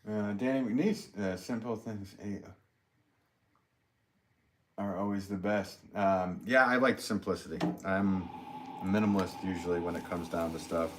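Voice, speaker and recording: A man, a potter, chatting casually on a live stream while he works, reading out viewer comments in a relaxed, rambling way with lots of fillers. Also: low-pitched, unhurried, background noise. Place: pottery studio.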